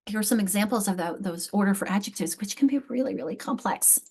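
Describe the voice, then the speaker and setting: A woman's voice: mid-range voice, fast, slightly rough. A woman leading a teacher training on literacy, talking through grammar examples with many restarts and rhetorical tag questions. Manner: animated, many restarts and fillers. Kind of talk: live teacher training lecture.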